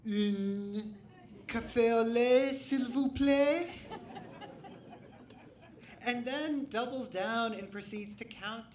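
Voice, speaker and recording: A man telling a true story on a live stage, wry and animated with comic timing. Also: high voice. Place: theater stage before a live audience. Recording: roomy hall, mic at a distance, faint hum.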